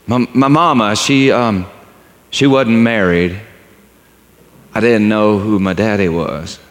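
A man doing a halting, folksy old mountain man. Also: on the low side, pitched below the performer's own voice. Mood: hurt. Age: older. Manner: halting, folksy, repeats himself. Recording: long hall reverb.

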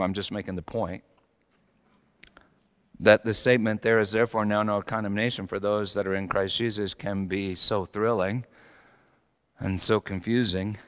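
A man preaching a sermon as pastor, confessional and swinging from quiet reflection into animated, rising intensity. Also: lowish voice, clear, resonant tone. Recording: long hall reverb.

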